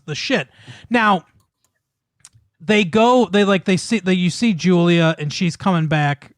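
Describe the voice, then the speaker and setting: A man's voice: a little high, no room sound, studio quality. A man in casual chat, retelling a film's plot in a rambling way, with many fillers and restarts and frequent laughs. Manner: swears casually. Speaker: podcast co-host.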